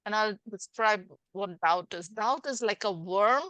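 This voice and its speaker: A woman life coach hosting a conversational interview, animated and acting out little scenes as she explains. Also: mid-range voice, unhurried, dry recording. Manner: animated, acts out little scenes with changing voices. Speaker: life coach and podcast host.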